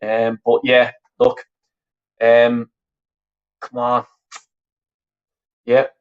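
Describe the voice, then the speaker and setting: A Dublin-accented man rambles through a live football watch-along, swearing easily and restarting his sentences. His voice sits at an ordinary middle pitch, and the recording sounds dull and lo-fi. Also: completely flat delivery, extremely slow. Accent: Dublin Irish. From west of Ireland.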